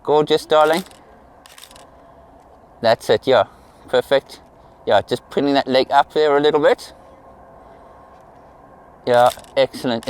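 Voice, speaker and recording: Man, middle-aged, portrait photographer, encouraging, repeats praise, outdoor field, camera mic, mid pitch. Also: slight background noise. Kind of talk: directing a model during a shoot.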